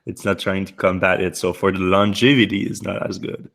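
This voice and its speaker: A man chats on a podcast, his somewhat low voice a little hoarse because he is under the weather. He talks in halting bursts, breaking off and restarting his sentences. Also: flat delivery, fairly bright tone. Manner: halting, many restarts and fillers. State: losing his voice, a little sick. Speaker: podcast host. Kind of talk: casual podcast chat.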